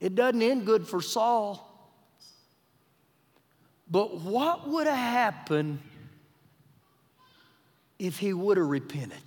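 High-voiced male preacher in an echoing sanctuary. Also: animated, slow pace, long pauses. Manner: emphatic preaching with rhetorical questions to the congregation; humorous paraphrasing of scripture. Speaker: pastor. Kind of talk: sermon. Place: church sanctuary during a live service. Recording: live church recording with long hall reverb.

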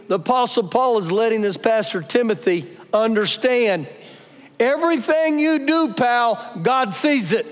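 Male pastor, high-pitched, emphatic live sermon, lingering church reverb. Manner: emphatic preaching, repeats key phrases. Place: church sanctuary during a service.

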